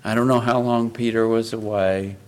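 A man's voice: on the low side, fairly even intonation, moderate pace. A man preaching a sermon in an earnest way, often asking his listeners rhetorical questions.

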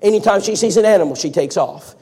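A man preaches through homespun stories in a slightly high voice. His words hang in the long reverb of a large hall. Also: animated, fast, warm tone, slightly rough. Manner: folksy storytelling, acts out quotes. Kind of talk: storytelling sermon.

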